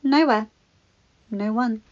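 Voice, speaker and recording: A woman voicing a scheming, spiteful witch from a fan story reading, taunting and shrill in anger, on a dry, dull recording. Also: slow, no room sound. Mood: sly.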